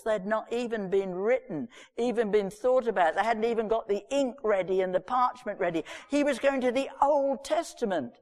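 Woman preacher telling the story all lively with little asides, big echoey hall. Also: a little high. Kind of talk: sermon with Bible reading. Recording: long reverb of a large hall.

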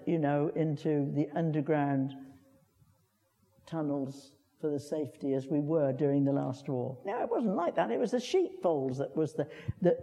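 An older preacher with a warm, medium-pitched voice delivers a conversational sermon in church. He repeats words and puts questions to the congregation, and long church reverb follows his speech.

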